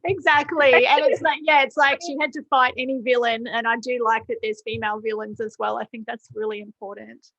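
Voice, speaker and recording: A woman's voice: a little high, steady tone, brisk, few pauses, fairly bright tone, no echo, lo-fi sound. A woman hosting a casual interview, agreeable and encouraging. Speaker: host.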